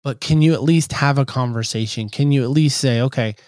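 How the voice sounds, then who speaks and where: A man with an everyday, mid-range voice tells a story to his interviewer in an earnest, warm way. He slips into little voices for the people he quotes. The sound is dry and close, with no room echo. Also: mid-range voice, fairly quick. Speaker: podcast host, guest. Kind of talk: conversational storytelling.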